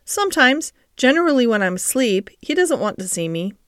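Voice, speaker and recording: A woman's voice: a little high, big pitch swings, a little fast, a bit bright, no echo, clean studio sound. A woman voicing a sickly, fretful young boy in an audiobook, anxious and petulant.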